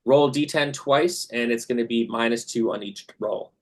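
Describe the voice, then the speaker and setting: A man's voice: mid-range voice, moderate pace. Man narrating as game master, filler-heavy. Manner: descriptive, with many fillers.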